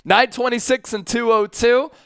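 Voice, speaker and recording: A man's voice: extremely high pitch, normal speed, clear, resonant tone, dry recording. A man in his thirties hosting a live sports stream from a studio, reading out viewers' chat messages with lots of energy. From Philadelphia area, USA. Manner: energetic, hyped, chanting with the chat.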